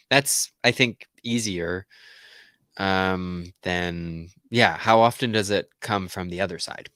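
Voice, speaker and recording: A man's voice: sits low, slow pace, sharp tone, no room sound, clean studio sound. A man hosting a podcast, talking casually and hesitantly, circling before he lands a point. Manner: hesitant, many fillers and restarts. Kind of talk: casual conversation.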